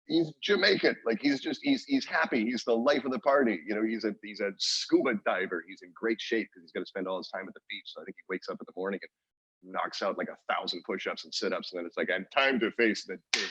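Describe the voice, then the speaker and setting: A man's voice: lowish voice, fairly even intonation, quick pace, fairly bright tone, slightly rough, no echo, lo-fi sound. A man co-hosting a podcast in casual chat, rambling and restarting his sentences and laughing often. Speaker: podcast co-host.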